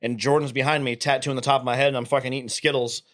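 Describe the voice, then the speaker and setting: A man's voice: mid-range voice, little pitch movement, very fast, a bit bright. Guy in his 30s swearing a lot, telling stories on a podcast, laid back, mid voice. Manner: profane, storytelling, laughs often. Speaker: podcast guest. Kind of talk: casual chat.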